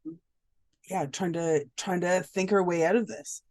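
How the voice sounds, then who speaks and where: A woman's voice: fairly low pitch, unhurried, a little mellow, no room sound. Hesitant young woman role-playing. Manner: hesitant, many fillers and restarts in character. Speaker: player. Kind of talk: tabletop role-play.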